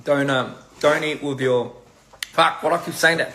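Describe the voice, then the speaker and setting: A man casually chatting on a phone livestream over a meal, halting and repeating words and laughing at his own slips. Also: mid-range voice, fairly even intonation, pushed and bright, slight background noise. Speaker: livestream host. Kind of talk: casual livestream chat while eating. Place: indoors at a meal table.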